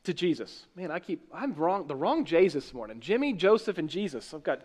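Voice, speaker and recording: An earnest man preaching a sermon, his voice sitting a little higher than most men's. He talks in a conversational way, often restarting phrases and correcting his slips as he goes. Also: big pitch swings, brisk, a little mellow. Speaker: pastor.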